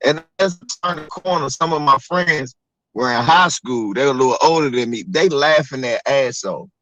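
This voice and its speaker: A man from Maryland telling stories in a casual livestream chat, animated and profane. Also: mid-range voice, normal speed, no room sound, highs cut off. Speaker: co-host.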